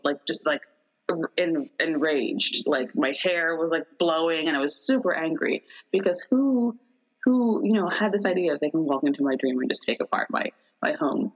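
Low-voiced woman rambling through a dream story. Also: lo-fi sound. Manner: rambling, animated retelling with many fillers. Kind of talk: casual chat, recounting a dream.

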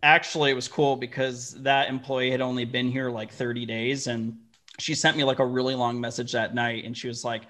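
A man, a company founder guest telling lively, profane stories in a casual interview. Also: medium pitch, brisk. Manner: animated, profane, acts out quoted dialogue.

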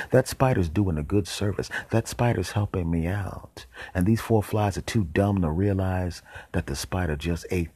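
A man with a very deep, husky voice tells an absurd story in a dry deadpan, now and then dropping to a whisper for an aside. The sound is close and dry, with no room around it. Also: no echo. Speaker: podcast host. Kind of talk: comic storytelling.

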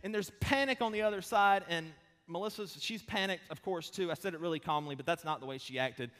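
Pastor in his thirties, conversational preacher, funny then slow and emphatic, fairly high-pitched man. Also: fairly even intonation, a bit bright. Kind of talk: sermon. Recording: long hall reverb.

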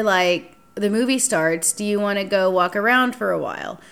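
A young woman hosting a casual podcast chat, telling a dating story with lively acted-out quotes and frequent swearing. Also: mid-range voice, moderate pace, vocal fry, hardly any pauses. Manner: animated, acts out quotes, swears freely. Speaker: podcast host.

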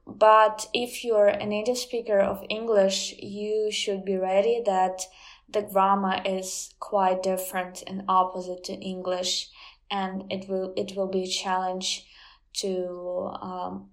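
A woman who speaks natively, talking in English as an interview guest, explaining earnestly with many pauses and fillers. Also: mid-range voice, flat delivery. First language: Ukrainian. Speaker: guest, Ukrainian language teacher.

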